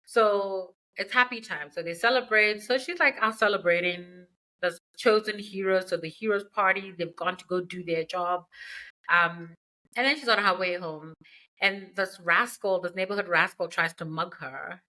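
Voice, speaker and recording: Lady chatting thru a book plot, lots of asides and slang, kinda low voice. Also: moderate pace, pushed and bright, low-quality recording. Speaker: podcast host. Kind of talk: casual book recap.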